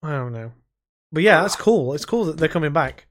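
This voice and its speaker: Swearing heavily and wandering off on tangents, a podcast co-host tells animated stories during a laid-back gaming chat. He speaks a little fast, in a voice on the high side.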